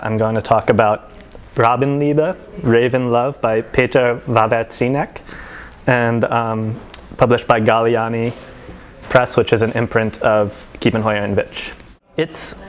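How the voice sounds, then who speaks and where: A literary translator talking casually about a novel he has translated. He stops often for ums and restarts. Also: mid-range voice. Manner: hesitant, many ums and restarts. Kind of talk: casual book presentation with commentary. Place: event setting with faint ambience.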